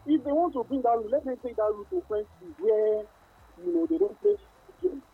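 A man's voice: very high voice, very animated, fast talker, creaky, narrow, tinny audio. A man calling in to a sports radio show, emphatic and casual. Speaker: caller.

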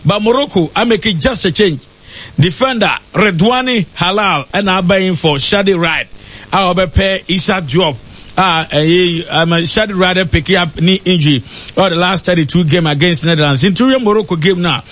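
A man giving football radio analysis in a halting way, with many fillers. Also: sits high, a bit bright. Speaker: match analyst.

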